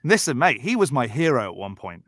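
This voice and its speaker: A man's voice: mid-range voice, big pitch swings, fairly quick, fairly bright tone, no room sound, clean studio sound. A man from the south of England with a Southern English accent, telling stories animatedly as a podcast guest and acting out quoted voices. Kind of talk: casual storytelling chat.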